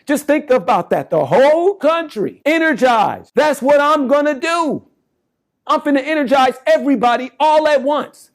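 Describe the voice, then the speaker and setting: A man in his forties with a strikingly high voice preaches at the camera in a fervent, rambling monologue. His speech is slangy and casual, doubling back on itself with frequent restarts. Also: expressive, normal speed. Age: 40s. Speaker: self-styled political campaigner. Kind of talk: impassioned direct-to-camera monologue.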